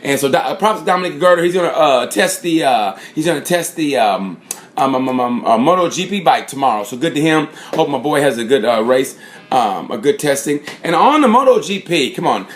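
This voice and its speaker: A man giving a casual, rambling recap of motorcycle races, full of fillers and shout-outs. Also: fairly high pitch, animated, fairly quick. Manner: rambling, lots of fillers and "props". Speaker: motorsport fan reviewer. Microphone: phone or camera mic.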